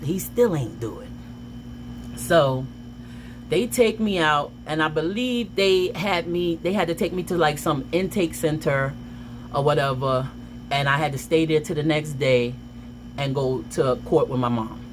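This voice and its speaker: A woman vlogger telling a personal story in a casual, animated way, with dramatic outbursts. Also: low-pitched, unhurried, slight background noise.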